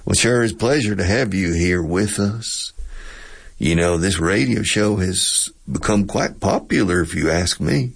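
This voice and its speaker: A plain-talking Texan , as a man puts him on, drawls in a folksy, easygoing way. The voice sits low and gravelly, with a husky grain. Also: unhurried, exaggerated voice. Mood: folksy, impressed. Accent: Texas.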